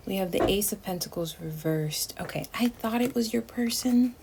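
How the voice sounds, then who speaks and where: Low-voiced chatty woman reading tarot. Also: brisk, gravelly, hardly any pauses. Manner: chatty and emotive, often drops to a near whisper. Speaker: tarot reader. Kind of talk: casual tarot reading to camera. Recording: steady background noise.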